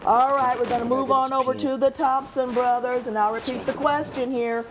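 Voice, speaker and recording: A woman's voice: high voice, flat delivery, normal speed, heavy background noise. Upbeat woman hosting a TV game show. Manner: upbeat, chatty, laughs often.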